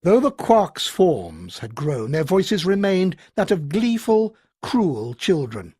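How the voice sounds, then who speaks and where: A male audiobook narrator telling a tense science fiction scene with dramatic expression. His pitch moves in a lively way, and his voice has a slight husky edge. The recording sounds dry and close. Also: slow, no room sound. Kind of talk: scripted narration.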